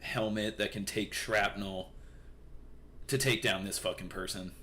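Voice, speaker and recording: A man's voice: fairly low pitch, steady tone, a little slow, pushed and bright, a little hiss or hum. A young man casually reading and commenting on the news, profane and rambling with lots of fillers.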